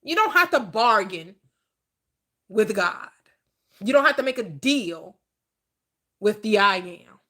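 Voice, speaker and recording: Bright and forceful, this woman's medium-pitched voice is animated yet slow, with frequent pauses. She's a spiritual teacher preaching on manifestation, emphatic and repetitive, posing questions only to answer them herself.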